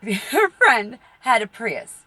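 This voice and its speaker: A woman's voice: on the high side, very animated, slow, pushed and bright, no echo. A middle-aged woman telling rambling personal stories, swearing freely and laughing at her own misfortunes. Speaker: tarot reader and channel host.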